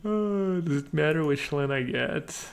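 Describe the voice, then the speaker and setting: A man's voice: on the high side, animated, a little slow, creaky. A man casually commentating his own card game on a live stream, joking and thinking aloud as he plays.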